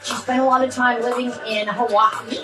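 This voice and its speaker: A woman hosting a wellness session, giving a playful, rambling closing talk full of fillers and sudden mock shouts. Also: fairly high pitch, level tone, normal speed, low-quality recording. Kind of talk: chatty closing talk to an audience. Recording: music playing behind.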